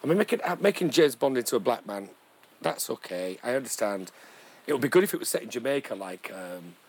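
A man chatting casually as co-host, sweary and quick to laugh. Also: mid-range voice, slightly rough, rough recording. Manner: sweary, animated, laughs a lot. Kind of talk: casual chat.

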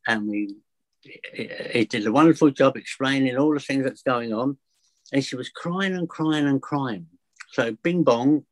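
A man, a fear of flying coach, telling chatty anecdotes in an interview and acting out both sides of the dialogue. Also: medium pitch. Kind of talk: casual storytelling interview.

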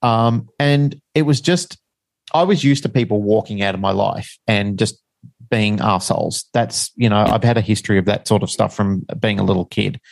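A middle-aged man with a lowish voice tells a personal story frankly, rambling and poking fun at himself. The recording is dry and close, with no room sound. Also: normal speed, vocal fry, no echo. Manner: frank, rambling, self-deprecating, with restarts. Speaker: guest.

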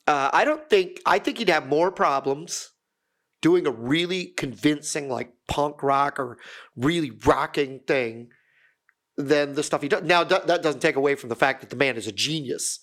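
Rambling, higher-voiced man chatting casually. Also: measured pace, fairly bright tone. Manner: rambling, self-deprecating, many fillers and restarts. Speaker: podcast co-host. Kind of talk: casual chat.

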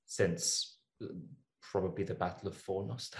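A man playing a tabletop game, thoughtfully describing his character's feelings with pauses and fillers. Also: deep voice, fairly even intonation, echoey room. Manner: slow, thoughtful, hesitant with fillers. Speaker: player.

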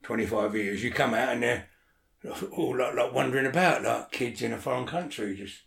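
A man's voice: medium pitch, moderate pace, gravelly, a bit bright, roomy sound. A man talking as an interview guest in casual chat, blunt and swearing a lot, often checking that the listener follows.

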